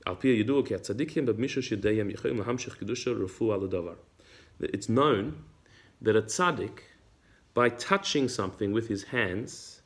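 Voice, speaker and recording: A low-voiced man leads a Torah class, reading passages in Hebrew before unpacking each in plain English. His pace is unhurried, and he repeats words frequently.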